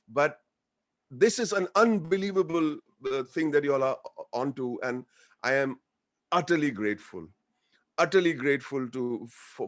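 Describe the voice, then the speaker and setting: An Indian man talks to a webinar over a video call. His voice sits fairly high for a man. He mixes light jokes with earnest gratitude and moves freely between English and Hindi. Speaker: guest speaker, actor. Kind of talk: informal webinar speech.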